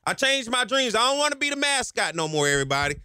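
A man's voice: very high voice, very animated, fast talker, pushed and bright, smooth, no room sound, studio quality. A man hosting a talk radio show, speaking with passion and getting himself hyped up as he goes. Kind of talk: energetic talk radio monologue. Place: radio studio. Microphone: studio microphone.

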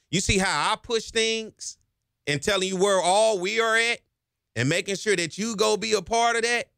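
A man hosts a talk radio show. His voice sits a little high and comes out bright and forceful, rising in passion the longer he talks. The studio sound is close and dry. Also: expressive, a little fast, creaky, clear, resonant tone, no room sound. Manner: passionate, gets himself hyped up as he talks. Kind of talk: energetic talk radio monologue. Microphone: studio microphone.

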